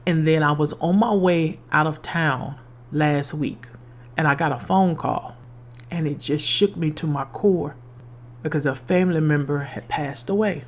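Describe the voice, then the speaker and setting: A woman's voice: low voice, measured pace. A middle-aged woman hosting a podcast, telling a personal faith story in an earnest, testimonial way and repeating lines for emphasis. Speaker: podcast host.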